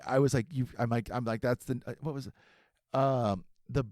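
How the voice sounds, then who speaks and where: A man in his forties from Southern California, hosting a podcast and telling a story in a profane, animated way. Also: medium pitch, no room sound, clean studio sound. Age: 40s. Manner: animated, profane, quick-talking. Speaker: podcast host. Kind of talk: casual storytelling.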